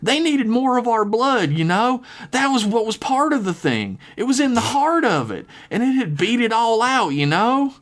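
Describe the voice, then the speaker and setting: A man's voice: extremely high pitch, big pitch swings, normal speed, few pauses, fairly bright tone, voice pushed up, heavily acted. A man voicing a flirty cult-member woman who talks in a folksy, sweet-talking drawl.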